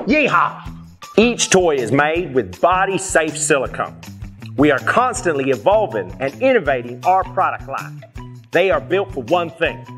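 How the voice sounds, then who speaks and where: Man playing a brash southern pitchman, Southern US drawl, hammy commercial read, lively swoops, loud music bed behind. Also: heavily acted. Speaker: ad spokesman. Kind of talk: radio-style commercial.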